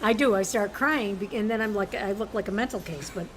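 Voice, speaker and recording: A woman's voice: mid-range voice, a little fast, background noise. An older woman, the host's mother, chatting casually as a guest and reminiscing with laughter. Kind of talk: casual chat. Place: outdoors at a cafe drive-thru.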